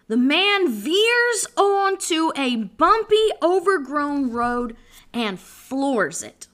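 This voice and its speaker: Woman, podcast host, high voice, slow and deliberate, impassioned commentary. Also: very animated, fairly bright tone. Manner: impassioned, preachy, with repeated restarts. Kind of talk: political commentary monologue.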